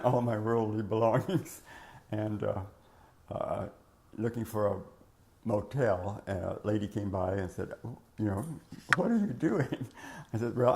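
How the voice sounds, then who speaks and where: A man's voice: fairly low pitch, gravelly, darkish tone. An older man recalling his early working years in an oral history interview, rambling with many fillers and restarts, his voice cracking at times.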